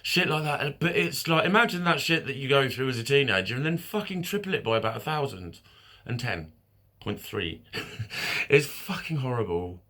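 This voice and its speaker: A man's voice: medium pitch, very animated, sharp tone. A man talking frankly in a personal video diary, swearing often, stopping and correcting himself, with nervous laughs between thoughts. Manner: frank and heavy on swearing, halting with fillers and self-corrections. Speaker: mental health vlogger.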